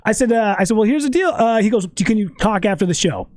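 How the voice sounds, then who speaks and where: High-voiced profane man telling stories. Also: fast talker, no echo. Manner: animated, profane storytelling. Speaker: podcast guest. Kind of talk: casual storytelling chat.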